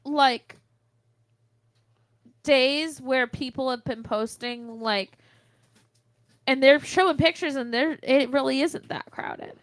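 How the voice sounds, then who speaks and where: Female co-host, high and unhurried, blunt, dry sound. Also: dry recording. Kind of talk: casual chat.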